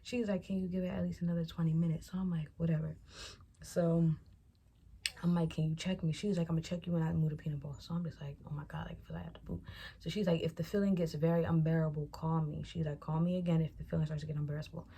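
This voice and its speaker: A young adult woman vlogger with a low, slightly rough voice talks fast through a casual, chatty storytime. She animatedly acts out the dialogue of the people she quotes.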